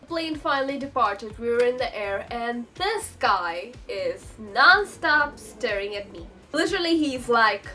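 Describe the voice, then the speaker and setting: A young woman telling a story in a chatty, excitable vlog, breaking into sudden high squeals. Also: measured pace, hardly any pauses, soft background music. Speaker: vlogger.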